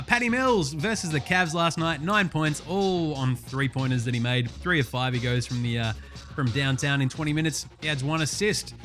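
An Australian man in his young adult years hosts a sports podcast, swearing freely and getting worked up. His voice sits slightly higher than most men's, and faint music plays behind him. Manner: sweary, heated, animated. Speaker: podcast host. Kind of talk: casual sports rant.

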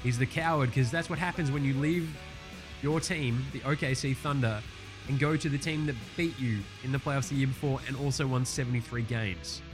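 Profane, ranting Australian sports host. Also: male voice, mid-range voice, moderate pace, music in the background. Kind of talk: casual sports recap commentary.

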